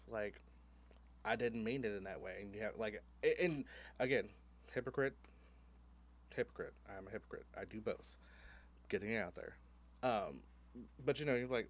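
A man's voice: lowish voice, fairly quick, slight background noise. Candid, profane male podcast host. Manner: candid, profane, animated storytelling with many fillers. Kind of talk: casual chat.

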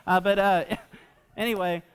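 A man in his twenties preaching a sermon as pastor, animated and casual, full of fillers and asides to the congregation. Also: high-pitched, measured pace, clear, resonant tone. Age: 20s. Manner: animated, repeats himself with fillers, jokes with the audience. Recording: long reverb of a church hall.

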